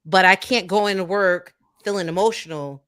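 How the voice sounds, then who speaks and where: A woman's voice: medium pitch, normal speed, a bit bright, smooth, no echo, studio quality. A woman on a podcast panel making a firm, matter-of-fact rebuttal. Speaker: panel guest. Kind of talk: casual group discussion.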